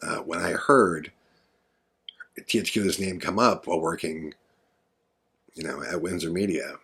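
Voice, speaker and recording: Unhurried and low, this man's voice carries vocal fry, a bit of brightness, and a breathy edge. As a podcast host, he rambles through a story in an earnest, conversational monologue packed with fillers.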